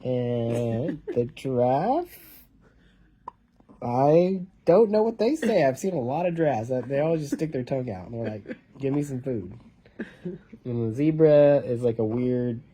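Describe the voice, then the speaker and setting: A man's voice: mid-range voice, animated, unhurried, dark tone. A man reading a picture book aloud to his baby in a casual home video, joking about what noises the animals make.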